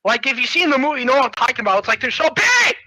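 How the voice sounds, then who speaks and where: A man's voice: very high voice, rapid-fire, sharp tone, slight background noise, rough recording. A young man giving a rambling, profane comedic recap of a movie in slang. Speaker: video host.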